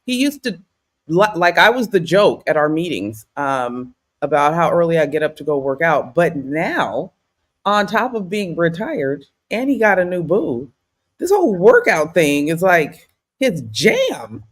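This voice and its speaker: A woman hosting a casual podcast, her pitch swinging widely as she tells playful, lively stories. She jokes and teases easily. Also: a little slow. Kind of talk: casual chat.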